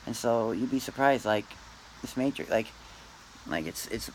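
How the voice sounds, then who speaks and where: A man rambling through a meandering, philosophizing monologue to camera, pausing often and tagging lines with "man" and "dude". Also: mid-range voice, a little hiss or hum, low-quality recording. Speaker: vlogger.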